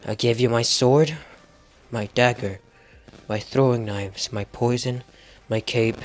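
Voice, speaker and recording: A man's voice: medium pitch, steady tone, slow pace. Young male fan storyteller, improvised and rambling, faint music behind. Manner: rambling, with restarts and laughs.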